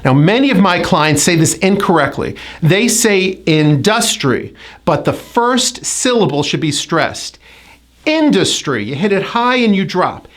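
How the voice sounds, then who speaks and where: With a fairly low, expressive voice, an American-accented woman teaches pronunciation. She enunciates slowly and with exaggeration, stretching every sound and repeating words as drills.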